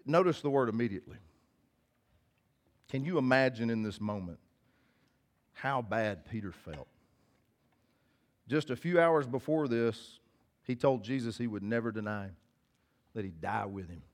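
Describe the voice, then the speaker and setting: This pastor talks at medium pitch with an animated delivery and moderate pace, pausing often. His sermon is conversational and direct: he reads a passage of scripture out loud, then unpacks it for the people listening.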